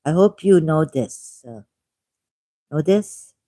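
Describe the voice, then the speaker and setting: A man with a Pakistani accent hosting a livestream, reading a text aloud at a deliberate pace with musing asides and repeated key words. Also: on the high side, animated, mellow, no echo. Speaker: livestream host.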